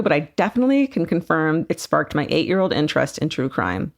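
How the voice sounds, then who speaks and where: A woman co-hosting a podcast, reading a listener's story aloud in an animated, laughing way. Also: low voice, fairly quick, gravelly, few pauses. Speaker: podcast co-host. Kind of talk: casual podcast chat, reading a listener email.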